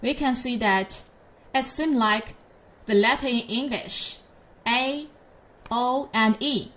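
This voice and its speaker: Slow, patient woman teaching pinyin. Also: on the high side, fairly bright tone. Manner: slow, patient, drawn-out model syllables for repetition. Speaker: Chinese teacher. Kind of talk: pinyin lesson for learners.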